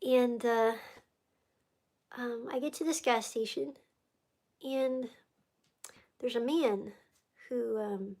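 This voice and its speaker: Speaking slowly with long pauses, this American livestream host has a fairly high, darkish voice. She shares a faith testimony casually, rambling, emotional, and easily sidetracked.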